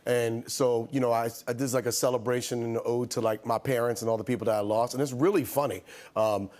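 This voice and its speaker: A man's voice: medium pitch, steady tone, quick pace, a little mellow. A man in his fifties, a comedian guest telling funny stories on a late-night talk show and acting out the people in them. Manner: acts out quoted voices, laughs through stories. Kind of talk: animated comic storytelling. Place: TV studio with live audience.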